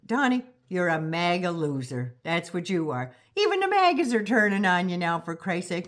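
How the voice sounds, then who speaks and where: A woman's voice: lowish voice, big pitch swings, normal speed, few pauses. An older woman with a Canadian accent ranting on her vlog, profane, sarcastic and mocking. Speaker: vlogger.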